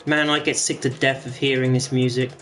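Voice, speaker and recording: A man's voice: mid-range voice, little pitch movement, brisk, fairly bright tone, soft background music. A man chatting casually to viewers while streaming a game, rambling and swearing now and then. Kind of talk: casual gaming stream commentary.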